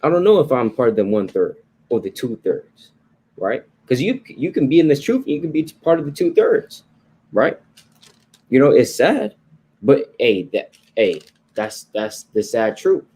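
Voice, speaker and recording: A man's voice: mid-range voice, very animated, normal speed, dark tone, husky. A man teaching the Bible in a conversational sermon style, informal and repetitive, often checking in with "right?" and "you know". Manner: informal, repeats points, tags lines with "right?" and "you know".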